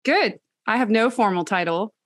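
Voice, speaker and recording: A woman's voice: mid-range voice, lively intonation, moderate pace, no echo, clean studio sound. Bubbly, laughing woman. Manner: bubbly, joking, laughs often. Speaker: podcast guest and co-host. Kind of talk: casual chat.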